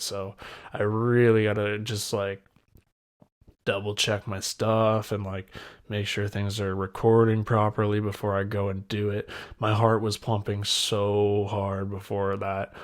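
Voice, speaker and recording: A young man hosting his own podcast alone, chatting casually in a rambling, laid-back way with loose slang. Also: lowish voice. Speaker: podcast host. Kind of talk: casual solo podcast chat.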